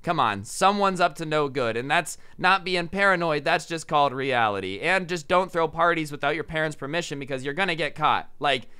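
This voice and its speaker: Bright, animated young man telling a story. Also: a little high, clear, resonant tone. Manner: animated, shouts out quoted lines, says "like" a lot. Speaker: storytime vlogger. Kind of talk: casual storytelling.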